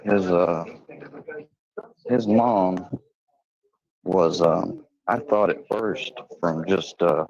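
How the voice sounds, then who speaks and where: A man's voice: low-pitched, extremely slow, vocal fry, long pauses, a little mellow. A man casually telling a personal story, rambling with fillers, restarts and slang. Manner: swearing, slangy. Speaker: channel host. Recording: dull lo-fi sound.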